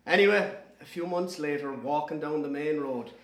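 Gentle Irish twin brother, an actor voicing him, echoey. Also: male voice, on the high side, normal speed, lightly acted. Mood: wistful. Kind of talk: dramatic first-person narration.

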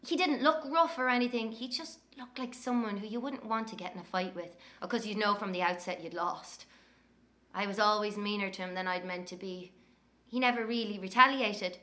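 An actress voicing a blunt, sharp-tongued Irish woman who narrates her childhood with an earthy, cursing manner. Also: medium pitch, lightly acted. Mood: candid, wry. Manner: brisk, earthy storytelling with cursing. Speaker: narrator recalling her twin brother. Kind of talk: dramatic first-person narration.

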